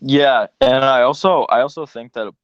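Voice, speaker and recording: A man's voice: medium pitch, normal speed, no echo, muffled recording. A man giving blunt opinions in a casual chat, with lots of filler words. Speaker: podcast co-host.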